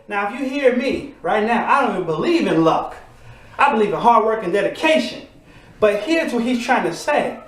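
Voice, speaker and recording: Preaching man in an echoey room. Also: very high-pitched. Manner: rising to emphatic shouts, repeating refrains. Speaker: motivational preacher. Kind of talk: motivational sermon.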